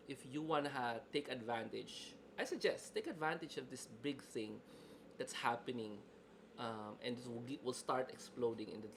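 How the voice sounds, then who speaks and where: A man's voice: medium pitch, background noise. A man with a Filipino accent hosting casual promotional talk about an online course, chatty and emphatic. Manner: chatty, emphatic, code-switching.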